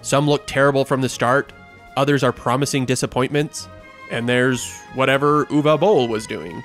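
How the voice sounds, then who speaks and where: A man's voice: mid-range voice, fairly even intonation, normal speed, fairly bright tone, soft background music. A man hosting a film-history video, reading scripted narration with a dry, wry delivery. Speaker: host.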